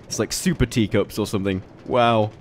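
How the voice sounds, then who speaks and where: A man at a middling pitch talks through a video game showcase in a loose, casual way. He is chatty and easily excited, and he often breaks into laughter. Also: fairly quick, slight background noise. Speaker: YouTube gaming host. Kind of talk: casual gameplay commentary.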